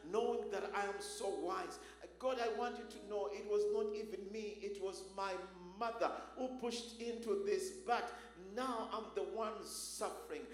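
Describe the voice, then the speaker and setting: A desperate man cries out in loud, fervent prayer, begging for mercy and help, as a preacher acts him out. The voice sits very high for a man. It rings through an echoey church hall with faint music behind. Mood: pleading.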